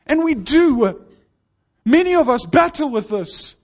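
Earnest high-voiced preacher, dull lo-fi sound. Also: male voice, expressive, measured pace. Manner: earnest, urging, builds in intensity. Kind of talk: sermon.

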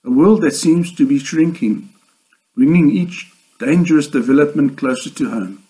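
A man delivering a sermon in a measured, earnest way, with slow emphatic pauses. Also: a little high, mellow, poor audio. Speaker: preacher.

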